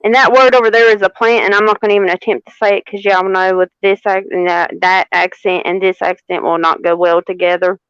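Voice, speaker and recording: A woman giving a live tarot reading, unhurried and repeating phrases for emphasis. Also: mid-range voice, steady tone, a bit bright, clear, resonant tone, no echo, dull audio. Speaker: tarot reader.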